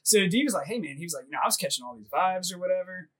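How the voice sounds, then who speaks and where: A husky-voiced man in his thirties spins a crude, rambling story, pitched a bit higher than most men. He laughs often and fills every pause with "like" in loose podcast banter. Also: animated, a bit bright. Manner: rambling, laughs a lot, heavy "like" filler. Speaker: podcast co-host.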